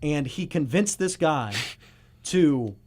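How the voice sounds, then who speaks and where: College-age podcast host, man, lively storyteller with a slightly high voice. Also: takes it slowly. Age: early 20s. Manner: animated, laughing storyteller. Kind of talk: casual podcast chat.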